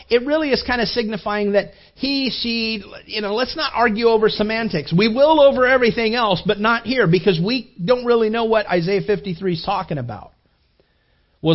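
A male pastor preaching a sermon in an animated storytelling manner, with frequent restarts. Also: high-pitched, dull audio. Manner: animated storytelling, acting out quoted voices, repeated restarts.

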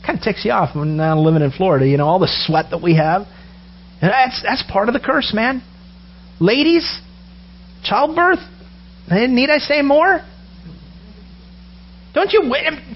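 A man preaching a sermon, animated and storytelling, acting out the characters' words as he goes. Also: very high voice, husky. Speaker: pastor. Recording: dull lo-fi sound with faint ambience.

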